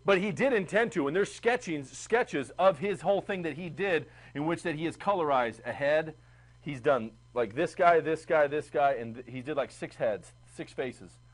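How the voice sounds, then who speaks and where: A man teaching a history class, chatty and animated, asking the class questions. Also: fairly high pitch, normal speed. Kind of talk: classroom lecture.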